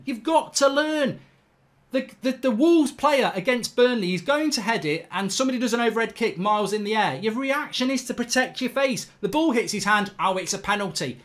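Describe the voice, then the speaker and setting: A man's voice: very high-pitched, fairly bright tone. Heated man ranting at a match. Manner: heated, swearing, repetitive ranting. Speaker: football fan channel host. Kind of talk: live match reaction rant.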